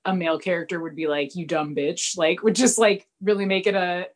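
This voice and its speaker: A woman's voice: fairly low pitch, fairly quick. Chatty woman retelling a TV plot. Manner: lively retelling, acting out characters' lines with laughs. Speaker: podcast co-host recapping a TV episode. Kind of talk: casual chat.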